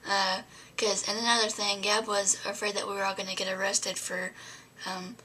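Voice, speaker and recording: A woman's voice: mid-range voice, little pitch movement, normal speed, bright, forceful tone, breathy edge. A young adult woman vlogging, telling a story to camera in a rambling way, full of fillers and often dropping to a whisper.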